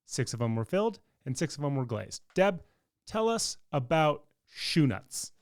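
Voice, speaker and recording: A man's voice: fairly high pitch, big pitch swings, measured pace, dry recording, studio quality. A man co-hosting a podcast in casual chat, enthusiastic and leading the segments from his notes. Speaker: podcast co-host.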